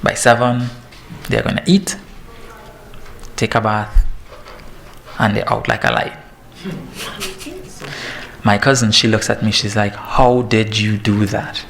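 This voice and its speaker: A man in his thirties, a fitness trainer giving a lively, joking talk to parents. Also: fairly low pitch, takes it slowly, creaky, pauses often, a little hiss or hum. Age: 30s. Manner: lively and joking, laughs at himself. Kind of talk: presentation to parents.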